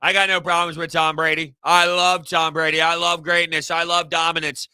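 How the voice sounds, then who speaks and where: A man hosting a casual live sports stream, answering chat in an animated, rambling way. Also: a little high, moderate pace, smooth, dry recording. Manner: animated, rambling, repeats himself. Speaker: sports podcast host reading live chat.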